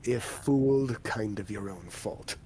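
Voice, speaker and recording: Orc war chief, female, blunt and grim, done by a man, terse broken speech with a hushed whisper, tabletop game. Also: slow pace, a little hiss or hum. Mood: dry menace. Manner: clipped broken speech, dropping into a low whisper.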